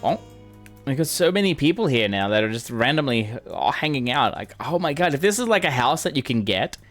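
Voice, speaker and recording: A man playing through a game and commenting casually, with excitable, gushing exclamations. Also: mid-range voice, brisk. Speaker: gamer streamer. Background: game music.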